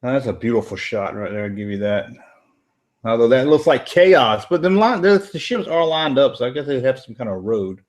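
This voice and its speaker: A man's voice: mid-range voice, animated, a little fast, a little mellow. A man, casually talking over a movie and reading chat aloud on a late-night stream. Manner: laid-back, rambling, jokey asides. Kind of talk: casual live commentary while reading chat. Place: home room, late at night.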